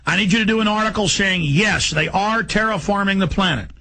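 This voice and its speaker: A man hosting a talk radio show, ranting rapidly in an agitated, emphatic way. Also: high voice, pushed and bright, rough recording.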